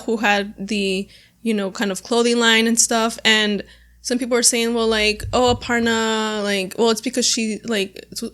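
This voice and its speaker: A woman's voice: on the high side, a bit bright. A young woman hosting a podcast, chatting casually, full of "like" and laughs. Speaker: podcast host. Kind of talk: casual chat.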